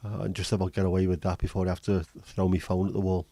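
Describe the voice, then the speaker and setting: Chatty man, low and mellow. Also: little pitch movement, quick pace, dry recording. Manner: chatty, joking, swears casually. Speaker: livestream host. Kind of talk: casual chat reading viewer comments.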